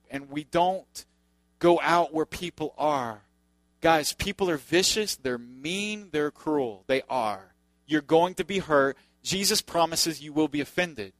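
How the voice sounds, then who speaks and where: A pastor delivers a sermon in a loose, conversational style, tossing joking asides to the congregation. His voice is on the high side and a bit bright, with no echo.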